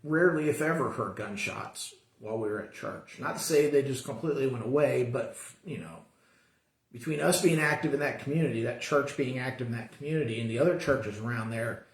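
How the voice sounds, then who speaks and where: A man's voice: medium pitch, a little fast. A man teaching a Sunday school class, talking casually and earnestly, often restarting his sentences. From American suburbs. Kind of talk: casual Bible class talk. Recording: echoey room.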